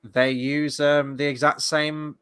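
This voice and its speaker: A man's voice: on the high side, little pitch movement, slow pace, fairly bright tone, clear, resonant tone. A man hosting a casual show review, rambling with lots of fillers and the odd swear word. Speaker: podcast host.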